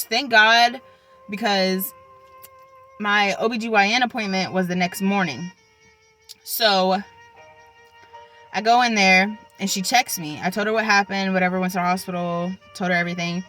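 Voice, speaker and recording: A woman's voice: mid-range voice, normal speed, pushed and bright, soft background music, low-quality recording. A young woman casually telling a personal story, chatty and full of likes and ums. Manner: chatty, filler-heavy, with many likes and ums. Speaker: vlogger.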